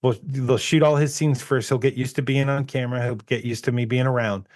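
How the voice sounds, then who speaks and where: A man's voice: mid-range voice, fairly even intonation, fairly quick, darkish tone, no echo, clean studio sound. A man co-hosting a movie podcast in casual chat, rambling and laughing as he retells anecdotes. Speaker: podcast co-host.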